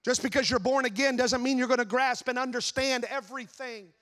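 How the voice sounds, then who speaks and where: A man's voice: extremely high pitch, fairly quick. A man preaching a sermon as pastor, telling a story with rhetorical questions to the congregation. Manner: animated storytelling with voiced asides.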